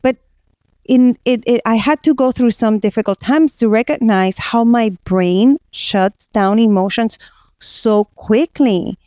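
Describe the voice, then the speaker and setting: A woman's voice: fairly high pitch, measured pace, mellow, no echo, studio quality. A woman psychiatrist from Puerto Rico, co-hosting a podcast and telling personal stories candidly with many restarts. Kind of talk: casual podcast conversation.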